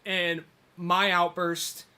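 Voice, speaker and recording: Male podcast co-host, casual and profane storyteller, bright, higher voice. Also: little pitch movement, extremely slow, smooth. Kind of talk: casual chat.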